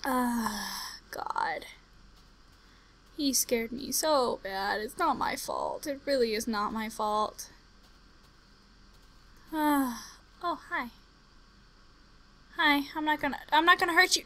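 Young woman, gameplay commentary, high voice, bright tone, chatty, jumpy, mutters to herself. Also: animated, slow pace, long pauses. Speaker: gaming commentator.

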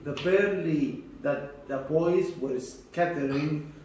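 A man reading a children's story aloud, halting and restarting words. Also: on the high side, a little mellow. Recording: echoey hall from far off, faint noise.

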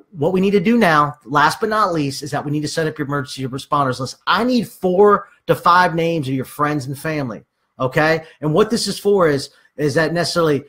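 A man's voice: on the high side, bright, forceful tone. A man giving casual sales training, acting out conversations with clients and using many fillers.

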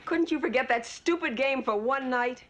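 A woman's voice: sits high, moderate pace. An actor playing a worried, reproachful mother who is fed up with the family's move, in a 1970s TV drama. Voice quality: sharp, reproachful.

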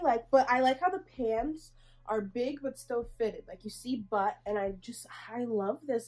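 A sassy young woman with a fairly high voice chats through a clothing try-on. She talks bluntly and playfully, calling her viewers sweetie, and sounds hot and a bit out of breath. Soft music plays faintly underneath. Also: animated, unhurried, rough recording. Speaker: fashion vlogger. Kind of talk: try-on haul chat.

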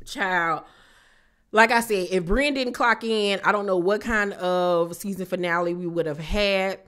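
A woman's voice: medium pitch, a little slow. Sassy woman recapping reality TV. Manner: sassy, animated, chatty asides to viewers. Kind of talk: casual recap commentary.

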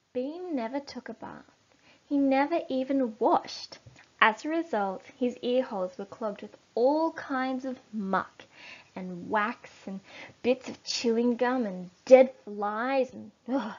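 Woman teacher, storybook read-aloud, slow, fairly high voice, dull lo-fi recording. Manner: slow, expressive reading.

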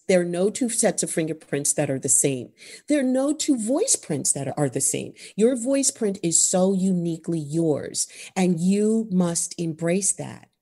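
A middle-aged woman with a New York accent, speaking as a guest in a conversation. Her voice is mellow and warm, and her pitch moves a lot as she talks. She leans on her points by saying them again. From New York, USA. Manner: expressive, emphatic, laughs often, repeats for emphasis. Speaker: vocal coach guest. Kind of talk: animated interview conversation.

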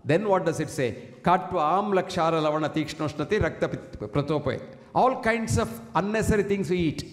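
Older man lecturing in an echoey hall. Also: high voice. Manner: emphatic, rhetorical questions, quotes Sanskrit verses. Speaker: doctor giving a health talk. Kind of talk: public lecture. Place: lecture hall with a single mic. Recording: echoey hall with long reverb.

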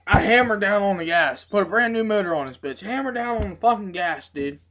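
A woman telling profane, animated stories in a casual review video. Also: medium pitch, fairly quick. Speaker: tobacco dip reviewer. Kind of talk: casual storytelling.

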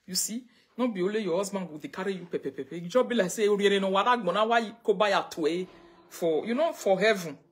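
A woman's voice: mid-range voice, fast talker, breathy edge. A woman with a Nigerian Pidgin accent hosting a casual live stream, greeting viewers and chatting, sometimes breaking into chanted prayer lines, speaking into a phone. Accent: Nigerian Pidgin English.

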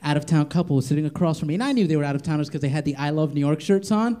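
A man's voice: a little high, racing, noisy background. A young man doing a stand-up comedy set in a club, brashly teasing the audience and acting out characters. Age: young adult. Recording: live club audio with crowd laughter. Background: audience laughing.

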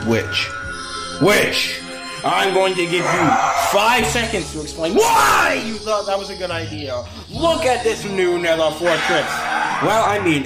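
A man delivers role-play lines with a lively, swooping voice, bossing and scolding the others. His voice sounds roomy, with loud music playing underneath. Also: on the high side. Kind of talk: Minecraft role-play voice acting.

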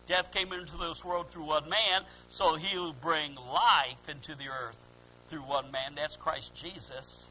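A man preaching a fervent sermon as pastor, swinging between quiet, drawn-out lines and shouted calls. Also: fairly high pitch, steady tone, rough recording.

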